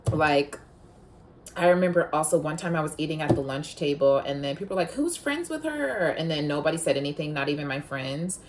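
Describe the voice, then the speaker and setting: A woman's voice: sits low, fairly even intonation, a little fast, darkish tone, a little hiss or hum. A woman hosting a podcast, telling personal stories in a blunt, frank way, cursing freely and peppering her talk with "like.". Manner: heated and emphatic when retelling conflict; rambling with many filler "like"s. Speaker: podcast host. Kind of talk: casual confessional storytelling.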